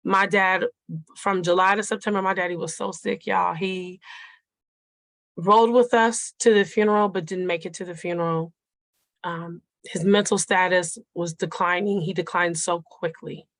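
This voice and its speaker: A woman's voice: lowish voice, steady tone, normal speed, fairly bright tone, dry recording. A middle-aged woman, a nurse, sharing a personal story of grief with a group in an earnest, conversational way, speaking directly to her listeners.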